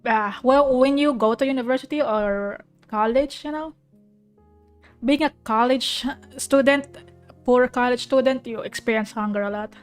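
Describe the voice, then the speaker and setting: A woman's voice: a little high, moderate pace. A young woman vtuber chatting casually about an anime she is watching, rambling and emotional with frequent restarts. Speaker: vtuber streamer. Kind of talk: casual chat reacting to an anime. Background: soft piano music.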